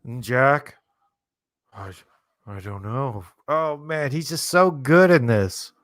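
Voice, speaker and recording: A man's voice: medium pitch, slow pace, fairly bright tone, no room sound, clean studio sound. A man casually commenting on a movie as a streamer, laid-back and rambling, thinking aloud with lots of fillers. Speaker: streamer hosting a movie watchalong.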